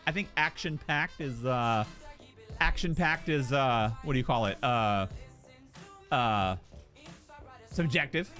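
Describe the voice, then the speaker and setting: A man's voice: medium pitch, takes it slowly, long pauses, soft background music. A young man chatting casually on a game live stream, telling stories with playful jokes and acted-out voices. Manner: animated storyteller who acts out voices and jokes.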